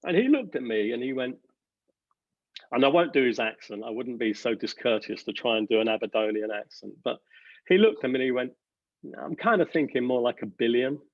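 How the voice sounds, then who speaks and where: A company director giving earnest interview answers, halting with many fillers and restarts. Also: male voice, mid-range voice, no echo, muffled recording.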